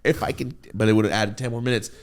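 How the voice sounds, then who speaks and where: A man on a podcast telling a profane, excitable story and acting out his own reactions. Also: fairly low pitch, fast talker. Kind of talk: animated storytelling.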